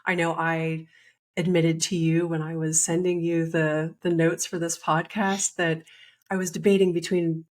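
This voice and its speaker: Woman, podcast host, lower pitch, conversational, friendly interviewer. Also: little pitch movement, a little slow. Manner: friendly, conversational, laughs easily.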